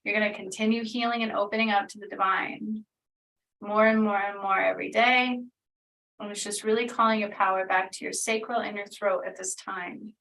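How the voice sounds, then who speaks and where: Gravelly-voiced woman giving an energy reading. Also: medium pitch, steady tone, normal speed, fairly bright tone, recorded from a distance, rough recording. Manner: meandering, filler-heavy, earnest. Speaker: spiritual healer channeling energy. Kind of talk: casual spoken energy reading.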